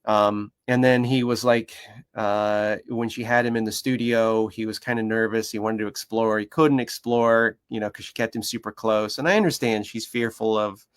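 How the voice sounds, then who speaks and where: A man's voice: normal speed, clean tone. A man who works as a dog behaviour consultant, chatting casually and telling stories passionately, acting out the voices of the people and animals in them. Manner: animated, acts out quoted voices with big pitch jumps; emphatic and passionate. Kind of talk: casual conversational storytelling.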